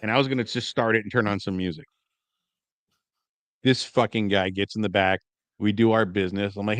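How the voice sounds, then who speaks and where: A man in his forties, a podcast co-host, telling stories casually and acting out quoted lines loudly. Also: on the low side, fairly even intonation, brisk, long pauses, dry recording. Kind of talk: casual storytelling chat.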